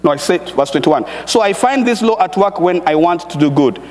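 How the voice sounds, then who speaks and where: A man preaching a sermon and reading scripture, speaking emphatically and building to shouted exhortations. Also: high-pitched, expressive, a little fast. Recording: echoey church hall reverb.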